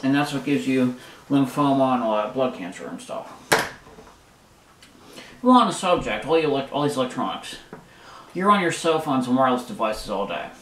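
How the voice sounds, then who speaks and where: This vlogger, a man with a medium-pitched, lively voice, talks at a normal speed with long pauses while he makes breakfast and eats in his home kitchen. He sounds frustrated and rambling, using many fillers. The distant mic picks up room echo and loud clattering of dishes, pots, pans and drawers.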